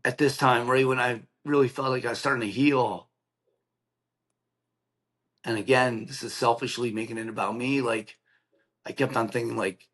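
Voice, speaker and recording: A man's voice: mid-range voice, steady tone, normal speed, long pauses, a bit bright. A middle-aged man, a podcast guest, telling an emotional personal story in a plainspoken, earnest way, acting out the voices of the people in it. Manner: acts out quoted dialogue, earnest and plainspoken.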